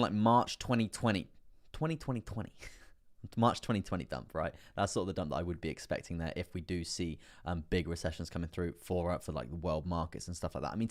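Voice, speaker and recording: A man hosting a live trading stream, chatty and rambling with many fillers, laughing often and getting excitable as prices move. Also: low voice. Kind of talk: live stream market commentary.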